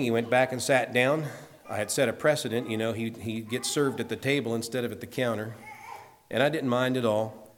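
Guy preaching, earnest and chatty, slows down on the big points, voice sits mid-range. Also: mid-range voice, slight background noise. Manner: earnest, conversational, slows for emphasis. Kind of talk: sermon storytelling.

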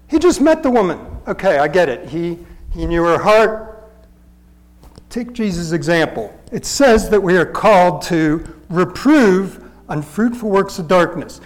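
A man with a high voice delivers a sermon in a church. He talks in a plain, conversational way, yet he hammers each point with insistent repetition. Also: low-quality recording. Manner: earnest, conversational teaching with emphatic repetition. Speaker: preacher.

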